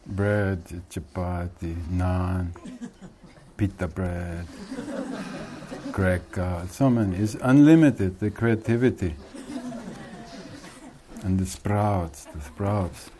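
A man's voice: deep voice, a crowd in the background. A man who is a spiritual teacher, chuckling as he tells a joke in casual talk. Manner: unhurried, chuckling often.

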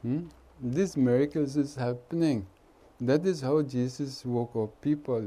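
Slow, mellow Indian-accented man. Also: medium pitch, a little hiss or hum. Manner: chatty, teasing, laughs often, nonnative grammar. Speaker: spiritual teacher. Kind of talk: informal spiritual talk to a gathering.

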